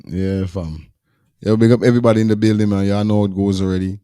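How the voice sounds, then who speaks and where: A man's voice: lowish voice, steady tone, fast, dark tone, smooth, no room sound, studio quality. A man gives casual, slangy commentary as a show host. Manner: slangy, laid-back, Caribbean Creole phrasing.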